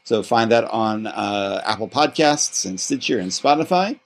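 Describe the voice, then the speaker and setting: A man's voice: lowish voice, expressive, unhurried. Rambling male podcast host. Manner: rambling, many restarts and fillers. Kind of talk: casual chat.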